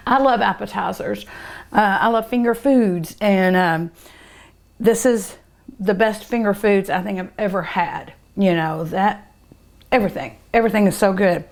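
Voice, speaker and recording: A middle-aged woman with a drawl savors food on her cooking show, taking her time and lingering over every word. She gushes openly and hums with pleasure between bites. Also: mid-range voice. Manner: savoring and gushing, with many drawn-out hums of delight.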